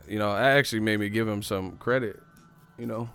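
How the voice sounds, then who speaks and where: A man's voice: lowish voice, brisk, fairly bright tone, clear, resonant tone, no room sound, soft background music. A man hosting a livestream, ranting in a brash, profane, casual way and laughing often. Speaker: livestream host.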